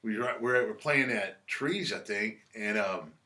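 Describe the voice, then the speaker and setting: A man's voice: on the low side, unhurried, sharp tone. A man telling stories in a casual interview, laid-back, swearing freely and acting out what others said. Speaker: musician guest. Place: record shop.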